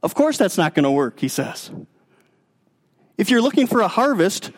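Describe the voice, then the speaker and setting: Emphatic preacher, slightly high voice. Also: male voice, sing-song, moderate pace, pauses often. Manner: emphatic, swinging between raised and hushed delivery. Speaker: pastor. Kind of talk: sermon.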